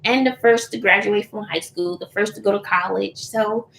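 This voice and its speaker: A woman's voice: mid-range voice, moderate pace, gravelly, a bit bright. A woman, chatting candidly with viewers and laughing often. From Texas, USA. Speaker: YouTuber answering viewers. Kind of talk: casual live chat. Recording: roomy echo, faint noise.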